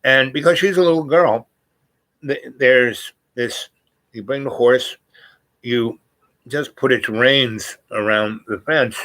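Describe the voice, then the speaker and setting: A man's voice: mid-range voice, slow, fairly bright tone, dry recording. A man telling a personal story in a casual, meandering way, full of fillers and restarts.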